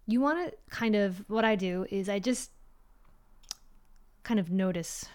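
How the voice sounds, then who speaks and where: A woman's voice: mid-range voice, a little slow. Chatty middle-aged woman, rambling. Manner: rambling, chatty, many fillers; drops to a soft whisper at times. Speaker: vlogger. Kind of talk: casual reflective monologue.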